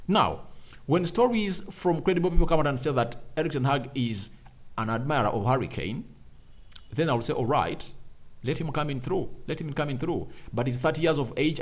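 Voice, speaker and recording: A man runs a fan channel and offers opinionated football commentary, leaning on emphatic rhetorical questions and repeated phrases. His pitch sits in the medium range.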